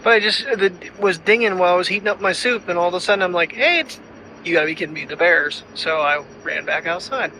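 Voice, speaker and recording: A man who vlogs daily films himself at night in his home and backyard with a handheld gimbal and wireless mic, rambling anxiously to the camera about his ill dog. His voice sits high with a steady tone, and he talks quickly with hardly any pauses over a noisy background.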